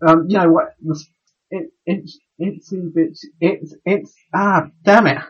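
Male podcast co-host, husky, slightly high, stumbles over words, lo-fi recording. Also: fairly even intonation, normal speed. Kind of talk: casual podcast chat.

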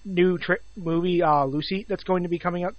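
A man co-hosting a podcast, easygoing and quick to laugh in casual chat. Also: high-pitched, fairly even intonation, no echo. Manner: chatty, giggly, laid-back. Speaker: podcast co-host. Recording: dull lo-fi sound.

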